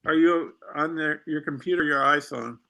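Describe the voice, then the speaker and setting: A man's voice: a little high, steady tone, normal speed, gravelly, bright, forceful tone. A man from the United States chatting on a livestream, rambling and hesitant, with many restarts. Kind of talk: casual livestream chat.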